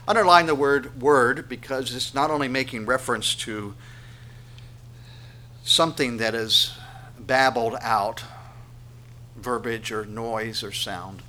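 Slow, bright-voiced preacher man. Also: medium pitch, steady tone. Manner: dramatic swings between loud and hushed delivery. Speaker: pastor. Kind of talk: sermon.

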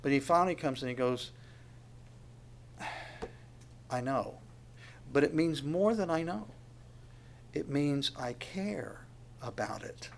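A man's voice: on the high side, measured pace, vocal fry, long pauses, slight background noise. A man preaching a sermon in a conversational way, asking questions of the congregation and at times dropping to a near whisper. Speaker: pastor.

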